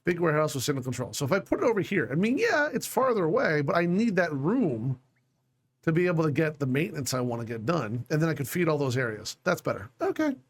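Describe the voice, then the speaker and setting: Fast and animated, with a voice on the high side, this man chats to himself while playing a video game. His let's play commentary is casual and scattered as he plans out loud, and he sounds frustrated, with a bit of swearing.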